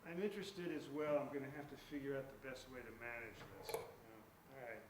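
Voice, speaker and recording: A man delivers an earnest public lecture from a lectern, his voice sitting at an ordinary middle pitch. The mic catches him from some distance, so the sound is roomy with a soft hiss underneath. He pushes his points with emphasis and often stumbles into repeated words before finding his sentence. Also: brisk. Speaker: guest lecturer and author. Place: lecture hall. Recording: echoey hall picked up from a distance.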